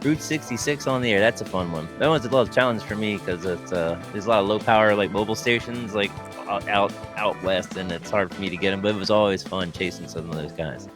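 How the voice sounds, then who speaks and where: A man co-hosts a casual hobby podcast in a low voice, hesitating often with ums and uhs. Music plays clearly beneath his voice. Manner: halting, many ums and uhs. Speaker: co-host. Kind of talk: casual ham radio chat.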